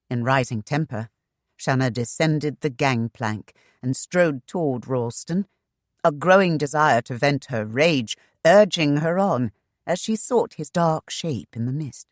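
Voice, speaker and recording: A woman reading a historical romance novel aloud in measured, expressive narration. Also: very deep voice, dry recording, clean studio sound. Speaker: audiobook narrator. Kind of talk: scripted audiobook narration.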